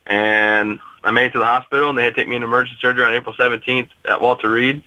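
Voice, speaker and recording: A man in his twenties telling a personal story as an interview guest, steady and matter-of-fact. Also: medium pitch, racing, hardly any pauses, no echo, rough recording. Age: 20s.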